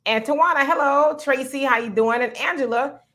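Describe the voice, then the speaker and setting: A woman's voice: high-pitched, normal speed, pushed and bright. A middle-aged woman hosting a casual live-streamed talk show, chatting conversationally and reading viewer comments aloud. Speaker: host.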